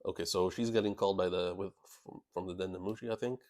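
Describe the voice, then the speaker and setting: A man reacting live to a comic chapter, excitable and quick to laugh, often stumbling and restarting words as he comments. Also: low-pitched. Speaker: channel host reacting to a manga chapter.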